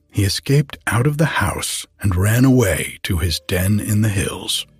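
A man with a husky voice reading a folk tale aloud in a measured, unhurried storybook style. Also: on the low side, dry recording, studio quality.

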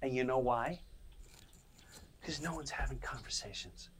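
Animated man telling a funny story. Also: unhurried, a little hiss or hum. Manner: animated, laughs mid-story, jumps between loud bursts and low asides; acts out other people's voices. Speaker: podcast host. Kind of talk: casual storytelling monologue.

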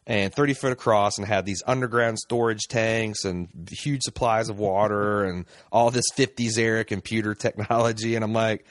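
A man's voice: lowish voice, steady tone, moderate pace, hardly any pauses, dry recording, studio quality. A man co-hosting a podcast, chatting casually in a rambling way full of fillers. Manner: rambling, frequent fillers and laughs. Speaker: podcast co-host.

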